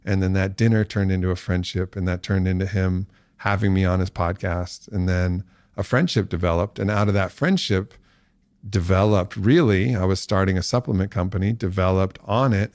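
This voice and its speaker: A man in his forties, a podcast guest, telling a story in casual talk and acting out quotes with big jumps in pitch. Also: fairly even intonation, moderate pace, darkish tone, no echo, clean studio sound.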